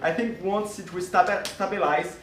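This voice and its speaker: A man presents at a conference with a fairly high voice. He talks in a halting way, with many fillers and restarts. The sound is roomy and distant, with faint room noise behind him. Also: steady tone, fairly bright tone. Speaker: conference speaker. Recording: echoey room, voice from far off.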